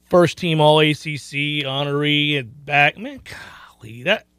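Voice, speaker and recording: A man hosting a sports betting radio talk show, emphatic and quick with asides. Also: on the high side, fairly bright tone, clean tone.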